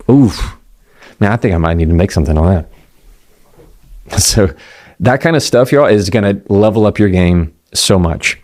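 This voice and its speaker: Man coaching with slow emphasis. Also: on the low side, animated, a little mellow. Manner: conversational, acts out quoted voices, slows down for emphasis. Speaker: communication coach. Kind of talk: motivational talk.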